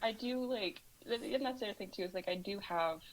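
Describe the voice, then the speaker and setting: A woman's voice: medium pitch, quick pace, a little hiss or hum, low-quality recording. A woman from Missouri with a light southern Midwest twang, chatting casually as a podcast guest and laughing often. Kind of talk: casual chat.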